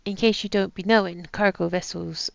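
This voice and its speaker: A woman voicing a dying, boastful old male pirate captain in a put-on rough pirate accent, reading his journal aloud. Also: medium pitch, fairly even intonation, normal speed, dry recording, highs cut off.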